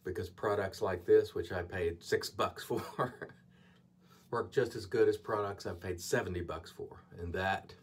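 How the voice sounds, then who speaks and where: A man's voice: deep voice, measured pace, a little hiss or hum. A man hosting his own channel, reviewing a shaving soap in a chatty, digressive way while he shaves on camera. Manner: chatty, digressive, earnest asides.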